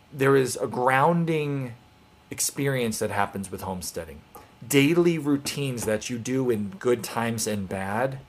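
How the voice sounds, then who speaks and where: A man hosting a live online homesteading show, talking casually and earnestly to viewers with encouraging, rambling speech and restarts. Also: mid-range voice.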